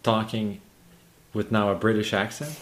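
A man chatting casually about movies, halting and repeating words as he retells scenes. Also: fairly low pitch, fairly even intonation. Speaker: conversation partner. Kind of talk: casual chat about films.

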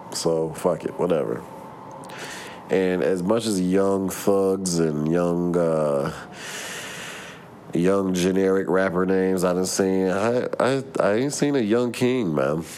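A man's voice: low voice, takes it slowly, darkish tone, a little hiss or hum. A man in a casual vlog, ranting with plenty of swearing and rambling asides while laughing at himself. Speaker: vlogger. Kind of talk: casual profane rant.

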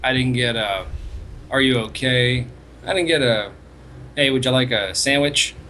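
A man's voice: medium pitch, a little slow, slight background noise. Rambling, mumbly podcast co-host man. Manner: rambling storyteller, trails off quietly with many fillers. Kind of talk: casual chat.

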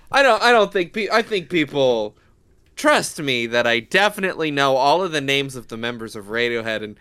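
A man's voice: mid-range voice, very animated, moderate pace, pushed and bright, clear, resonant tone, no echo. A man co-hosting a podcast, joking and rambling in casual comedic chat. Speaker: podcast co-host.

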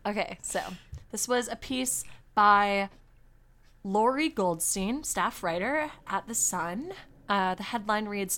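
A woman hosting a casual podcast, chatting quickly with plenty of "like" fillers and reading articles aloud. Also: mid-range voice, a bit bright. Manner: chatty, fast, full of "like" fillers and laughs. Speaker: podcast host.

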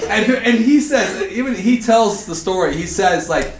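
A man in his thirties speaking to a group, telling an animated story and laughing through it. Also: high-pitched, normal speed, recorded from a distance, crowd noise. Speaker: conference speaker. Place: large indoor hall at a retreat facility. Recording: echoey hall, faint room noise.

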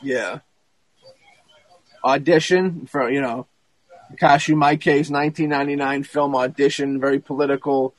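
A man in casual podcast chat, retelling a film plot in a rambling, profane and animated way, with many restarts. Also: mid-range voice, normal speed, pauses often, no echo, low-quality recording.

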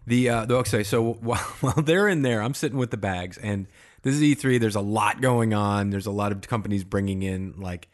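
A man with a somewhat low voice tells a rambling story on a podcast. He restarts his sentences often and fills the gaps with fillers as he goes. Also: steady tone, brisk. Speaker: podcast co-host. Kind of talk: casual chat.

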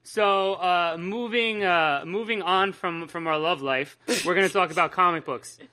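Loose, rambling host who swears freely; bright, middle-pitched voice. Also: measured pace. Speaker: podcast host. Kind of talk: casual chat.

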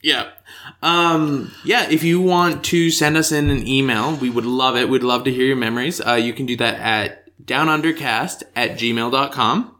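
A man's voice: medium pitch, steady tone, sharp tone. A young man hosting a podcast in casual chat, upbeat and teasing. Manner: upbeat, teasing, quick to laugh. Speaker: podcast host.

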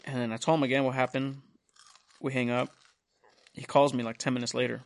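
A young man talks quickly through a lengthy tale on a laid-back podcast, cursing often and drifting into side stories. He performs each character's dialogue in quotes, speaking at a typical male pitch through a studio mic.

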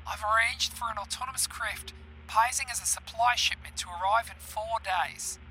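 A cold, scheming boss gives clipped, condescending orders, as a man puts him on. The voice comes through as a played-back audio message, with a steady wash of noise sitting under it. The tone is neither high nor low, just flat authority. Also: normal speed, rough recording.

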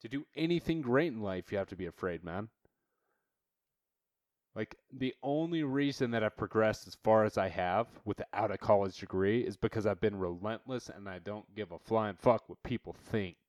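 A man's voice: on the low side, normal speed, darkish tone, dry recording. Brash cursing man ranting into a dry mic. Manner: blunt, swears constantly, calls listeners dude. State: worked up and irritated. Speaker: podcast host. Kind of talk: profane motivational rant.

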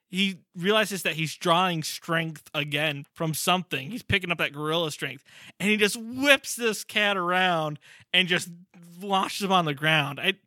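Bright, lively-voiced man chatting casually. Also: sits high, no echo, studio quality. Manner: animated, acts out characters in quick bursts. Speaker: podcast co-host. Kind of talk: casual chat recapping a comic.

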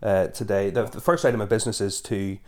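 A man's voice: lowish voice, fairly even intonation, fast. A man with a Northern Irish accent co-hosting a podcast, chatty and hesitant with many fillers. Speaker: podcast co-host. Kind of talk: casual podcast chat.

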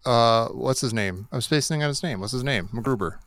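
A man's voice: medium pitch, a bit bright, no room sound. A man co-hosting a podcast, chatting casually with many restarts and easy laughs. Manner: halting, restarts a lot, laughs easily. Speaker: podcast co-host. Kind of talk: casual chat.

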